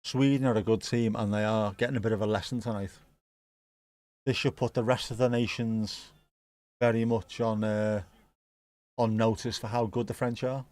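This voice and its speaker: A man's voice: lowish voice, steady tone, moderate pace, pauses often, a little mellow. A man chatting casually through a live football watch-along, rambling, joking and swearing freely. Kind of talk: casual live match commentary chat.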